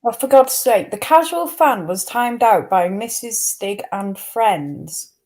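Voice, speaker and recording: A woman's voice: medium pitch, animated, slow, darkish tone. A woman co-hosting, reacting to the live chat as she reads it out.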